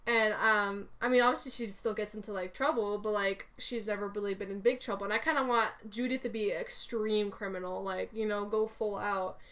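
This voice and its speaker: A woman's voice: medium pitch, steady tone, a little fast, hardly any pauses, a bit bright. A young woman co-hosting a podcast, chatting casually about her role-play characters in a rambling, giggly way with many fillers. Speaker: podcast co-host.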